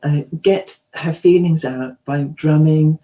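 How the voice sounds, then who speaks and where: Slow and low-voiced, a middle-aged psychotherapist from Britain shares anecdotes as an interview guest on a low-quality recording. Her storytelling is chatty and warm, dotted with ums and laughs, and she acts out what others said.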